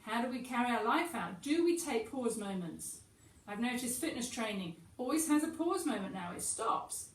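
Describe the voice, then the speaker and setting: A woman's voice: on the high side, normal speed. Woman leading yoga in an echoey room. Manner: calm, chatty and encouraging, with soft asides. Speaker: yoga teacher. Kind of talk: guided yoga class. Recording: echoey room, distant mic, faint hiss.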